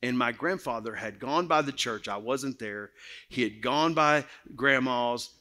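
A man's voice: mid-range voice, measured pace, sharp tone. A middle-aged male pastor, telling a personal story in an earnest, emotional sermon with many restarts.

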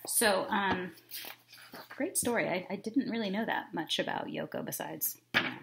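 A woman teacher reading a children's book aloud, then talking through a lesson in a friendly, relaxed way with plenty of fillers. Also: medium pitch, normal speed, creaky, a little hiss or hum.

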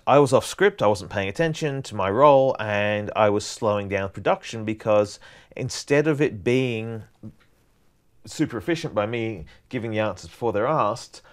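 Here a man with a voice on the low side gives a prerecorded university lecture. His explaining is casual and meandering, moving loosely from point to point.

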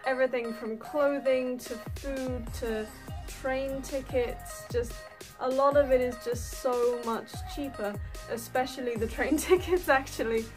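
A high, bright-toned young-sounding woman chats to her camera, rambling through a story with plenty of fillers and laughing as she goes. Soft music plays quietly underneath her voice. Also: steady tone, unhurried. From England. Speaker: vlogger.

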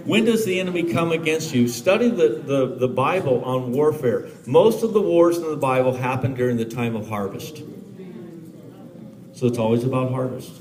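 A man preaching a lively, joking sermon at a church conference, laughing often and building to shouted prayer. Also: medium pitch, moderate pace. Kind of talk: live charismatic sermon. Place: large church conference hall. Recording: live hall with audible congregation. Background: congregation calling out amens.

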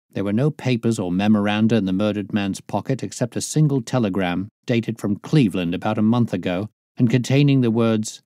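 A man's voice: fairly low pitch, dark tone, no echo, studio quality. Man narrating a classic detective novel. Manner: measured, descriptive narration. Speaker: storyteller. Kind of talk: audiobook reading of a classic novel.

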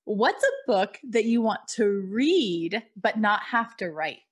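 A woman's voice: medium pitch, lively intonation, slow pace, breathy edge. A woman hosting a podcast interview, chatting casually and effusively with lots of fillers. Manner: effusive, talks with many "like" fillers. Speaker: podcast host.

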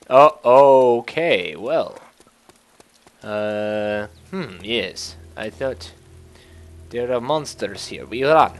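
A man hosting a gameplay video, talking through his game in a joking, self-mocking way with sudden excited yelps. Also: lowish voice, extremely slow, pauses often. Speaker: gaming video host. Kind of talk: gameplay commentary.

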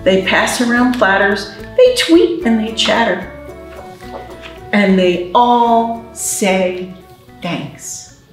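A woman's voice: mid-range voice, animated, takes it slowly, soft background music. A woman librarian reading a picture book aloud and teaching signs to babies and parents, in a sing-song storytime manner. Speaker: children's librarian. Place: library, roomy space. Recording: very echoey room, mic at a distance.

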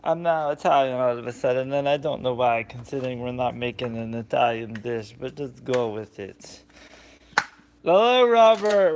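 On a live cooking stream, a man with a clean, mid-range voice greets viewers by name, breaking into sudden animated bursts. He's recorded on a phone mounted on a selfie stick in his home kitchen.

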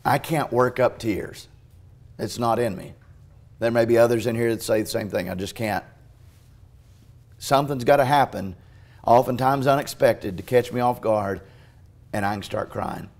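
A male pastor preaching a sermon in a church, swinging between hushed, tender passages and loud, urgent ones, with frequent restarts. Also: mid-range voice, moderate pace, pauses often. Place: church sanctuary.

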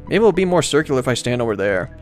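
Man streaming a game, casual rambling commentary, jokey, mild swearing, middle pitch, faint game music behind. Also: big pitch swings, fast. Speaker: let's-play streamer. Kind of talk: casual live gameplay commentary.

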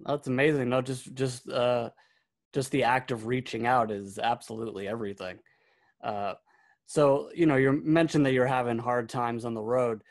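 Male interviewer, mid-pitched voice, relaxed and supportive. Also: normal speed. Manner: supportive, brief affirmations. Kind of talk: casual interview questions.

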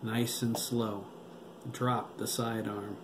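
A man's voice: lowish voice, level tone, takes it slowly. A man voicing a stern lieutenant colonel who barks curt orders. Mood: commanding. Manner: commanding and curt. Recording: roomy with background noise.

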